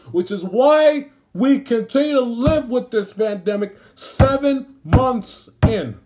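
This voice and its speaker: A man's voice: very high voice, expressive, measured pace, few pauses, darkish tone. A man ranting about sports, indignant and emphatic, hammering his points by repeating phrases. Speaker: sports commentator. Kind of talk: angry sports rant.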